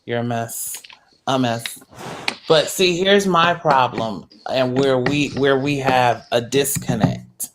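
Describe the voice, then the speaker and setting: A woman's voice: rumbling low, takes it slowly, background noise. A woman speaking on an online panel in an earnest way, repeating words to stress a point and adding apologetic asides. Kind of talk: casual panel discussion.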